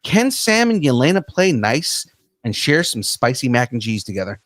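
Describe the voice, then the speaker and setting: A man hosting a pop-culture podcast, playful and energetic, with plenty of fillers as he thinks aloud. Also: mid-range voice, normal speed, dry recording. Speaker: podcast host. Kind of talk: casual chat.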